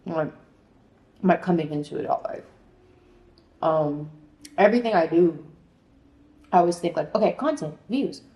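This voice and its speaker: A woman's voice: low-pitched, a little slow, long pauses, highs cut off. A young woman in her twenties rambling in a casual vlog at home, scattered and frantic, swearing and filling with "like". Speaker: vlogger. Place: apartment. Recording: echoey room with faint noise.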